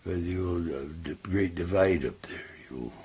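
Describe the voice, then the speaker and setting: A man's voice: low voice, normal speed, darkish tone, slightly rough, heavily acted. A man doing a sly, wheedling weasel. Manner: wheedling, salesy. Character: sly smooth-talking male weasel swindler.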